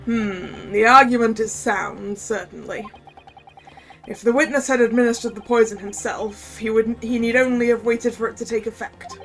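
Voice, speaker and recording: A woman voicing a pompous elderly male judge who speaks formally and deliberately. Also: fairly high pitch, steady tone, a bit bright, faint music behind. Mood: solemn.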